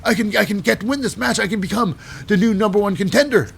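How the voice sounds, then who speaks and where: A man putting on the voice of an overexcited young male wrestler, squealing and loud. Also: fast, vocal fry, breathy edge, exaggerated voice. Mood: giddy. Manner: squealing, high-pitched and loud.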